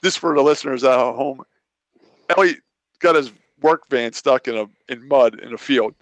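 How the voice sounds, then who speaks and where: A man's voice: medium pitch, moderate pace, no room sound. A man telling a long, rambling story in a casual podcast chat, often restarting his sentences and replaying what others said to him. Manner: rambling, self-interrupting, recounts his own conversations. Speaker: local racer, regular guest.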